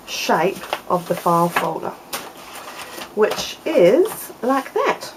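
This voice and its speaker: A woman's voice: on the low side, a little mellow, a little hiss or hum, rough recording. A woman hosting a casual papercraft tutorial, explaining each step in a chatty way with fillers.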